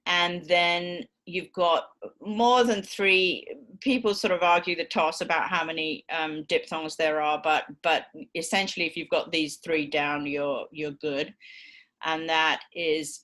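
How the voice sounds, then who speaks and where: A British woman with a deep, slightly bright voice delivers a university lecture at an unhurried pace. Her intonation stays fairly even. She explains patiently and fills gaps with lots of ums and okays.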